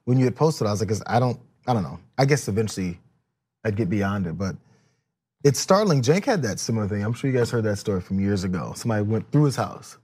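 A man hosting a podcast in casual chat, telling stories in an animated way and laughing often. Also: lowish voice, quick pace, slightly rough. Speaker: podcast host.

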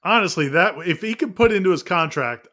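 Bright-voiced man explaining sports context. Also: high-pitched, expressive, brisk. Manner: explanatory, laughs easily. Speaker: sports show co-host. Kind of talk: casual sports chat.

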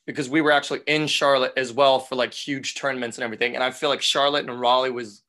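A man's voice: mid-range voice, steady tone, quick pace, pushed and bright. A man in his thirties, a former footballer, answers questions as a podcast guest. He speaks in an easygoing, meandering way, with plenty of fillers, in an ordinary mid-range male voice. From England, raised in Sweden. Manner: easygoing, rambling, many fillers. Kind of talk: casual interview chat.

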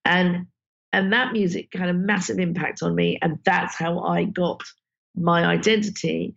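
A woman, a filmmaker guest telling animated stories in an interview and acting out the people she quotes. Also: lowish voice, unhurried, gravelly, lo-fi sound. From Britain. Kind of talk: conversational interview storytelling.

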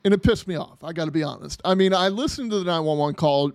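A man hosts a podcast in loose, casual chat, with a gravelly edge to his voice. He rambles and restarts often, and he sits a little high for a man. The sound is close and dry. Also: quick pace, a little mellow, no echo. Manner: rambling, many restarts and filler words. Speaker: podcast host.

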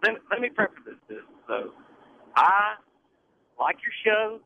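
A man's voice: sits high, very animated, moderate pace, creaky, sharp tone. A man calling in to a radio talk show who argues defensively and keeps repeating himself as he tries to get a word in. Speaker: caller. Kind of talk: heated call-in argument. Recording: tinny phone line with faint noise.

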